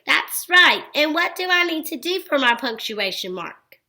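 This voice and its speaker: A woman teacher giving a recorded phonics lesson to young children, speaking slowly and clearly and praising them often. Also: sits high, sing-song, sharp tone, rough recording.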